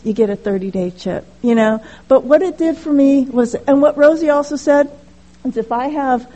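A middle-aged woman speaking at a recovery meeting, telling her story candidly and haltingly, with many restarts. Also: fairly high pitch, mellow, rough recording. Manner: halting, frequent restarts and "you know", candid. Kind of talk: personal recovery share, casual storytelling.

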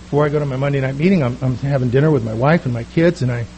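A man's voice: mid-range voice, rapid-fire, warm tone, muffled recording, slight background noise. A middle-aged man telling a comic, self-mocking personal story to a recovery meeting.

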